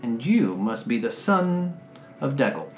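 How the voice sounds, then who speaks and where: A man's voice: mid-range voice, big pitch swings, echoey room, faint music behind, poor audio. A man doing an ancient courtly dwarf. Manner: formal, measured, courtly. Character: ancient hunched male dwarf, courtly and genteel.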